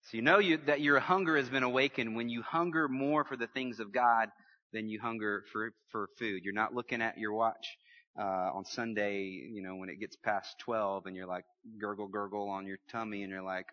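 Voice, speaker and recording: A man's voice: lowish voice, moderate pace, in a large hall. Guy preaching, big swings, jokes w the crowd, kinda muffled recording. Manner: lively preaching with humor and audience call-outs. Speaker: pastor. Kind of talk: sermon.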